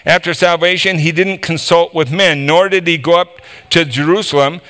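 A man's voice: on the high side, fairly even intonation, moderate pace, a bit bright. A man preaching a sermon, explaining scripture with emphatic asides and reading passages aloud.

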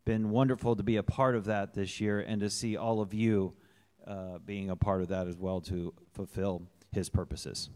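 A man giving a church testimony, deliberately stressing key words of scripture. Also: on the low side, steady tone, darkish tone, clear, resonant tone. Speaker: church member giving thanks. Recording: long church hall reverb.

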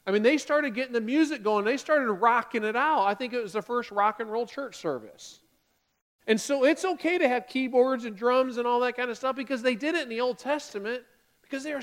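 Male pastor, high-pitched, lively sermon delivery with playful acted-out asides. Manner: animated, acts out the grumbling Israelites in quick excited bursts.

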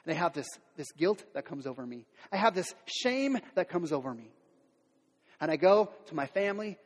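A man's voice: sits high, lively intonation, moderate pace. A man preaching a sermon as pastor, speaking candidly and conversationally, with many fillers and restarts. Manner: acts out quoted voices of everyday people. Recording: long hall reverb.

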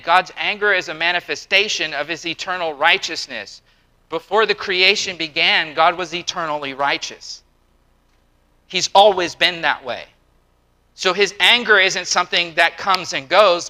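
A middle-aged man preaching a sermon, emphatic and repeating himself, with quick acted-out asides. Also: high voice, sharp tone, poor audio. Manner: emphatic, repeats words, acts out quotes. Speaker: pastor.

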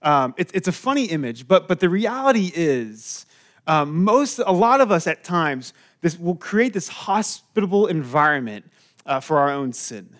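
A man's voice: fairly high pitch, very animated, normal speed, a bit bright. A man who is a pastor, giving a casual sermon to his congregation, rambling with many fillers and restarts as he tells stories.

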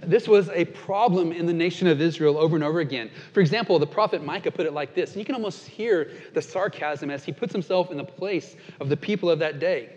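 A man pastor preaching a sermon, earnest and dynamic, slowing down for emphatic quotations and dropping soft and low at times. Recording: dull sound with long reverb in a large hall.

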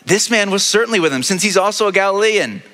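A man's voice: high-pitched, lively intonation, fast talker, bright, forceful tone, voice pushed up. A man voicing an insistent male bystander who presses a stranger with accusations, in a sermon retelling. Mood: accusing. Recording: long reverb of a large hall.

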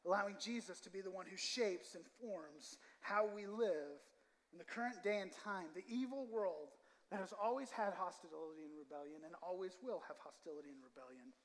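A man's voice: high voice, fairly bright tone, long reverb tail. A man preaching a sermon to his church, in a conversational way, often repeating words and asking the room "right?". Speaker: pastor. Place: church sanctuary.

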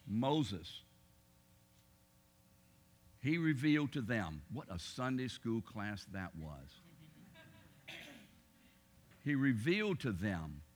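A middle-aged man teaching a Bible class in a plain, middle-pitched voice. He talks conversationally and with emphasis, putting rhetorical questions to his listeners. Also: a bit bright.

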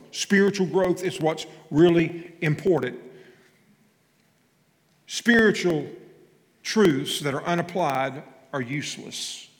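A man preaching a sermon, swinging from loud emphasis to hushed tones and asking the congregation questions, recorded in a church sanctuary. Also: fairly high pitch. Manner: asks the congregation questions and has them repeat phrases. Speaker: pastor. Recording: long hall reverb.

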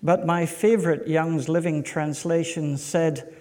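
A man pastor preaching a sermon, slow and emphatic, putting rhetorical questions to his congregation. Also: on the high side, steady tone, dark tone. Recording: echoey hall.

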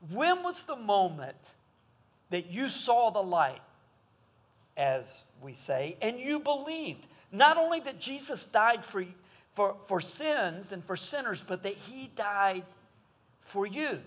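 A man preaches in an easy, folksy way. His voice sits a little higher than most men's, and he chats with the congregation as he talks. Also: animated, slow, a bit bright. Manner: folksy, conversational. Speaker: pastor. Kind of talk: sermon.

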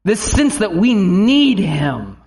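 A man's voice: high-pitched, very animated, slow pace, a little mellow. A man in his thirties, a pastor giving a conversational sermon who acts out quotes and family stories.

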